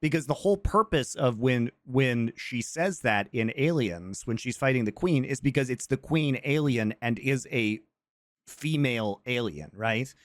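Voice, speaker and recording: Man, podcast co-host, casual chat, argumentative but easygoing, mid pitch, dry close recording. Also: expressive, unhurried, dry recording. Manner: laughs easily, builds argued points. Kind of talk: casual movie review chat.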